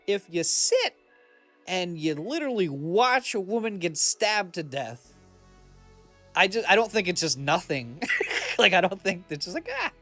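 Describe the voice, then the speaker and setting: Lively animated man, bright voice. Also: high-pitched, unhurried, faint music behind. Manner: animated, laughing, mimics film lines. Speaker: podcast co-host. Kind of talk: casual film review chat.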